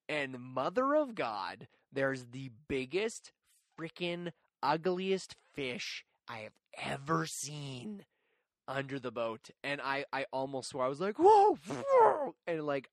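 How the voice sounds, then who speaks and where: A man's voice: medium pitch, dry recording, clean studio sound. Chatty young man telling a story. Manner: animated, chatty, self-mocking, with many fillers. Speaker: podcast host. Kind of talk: casual storytelling.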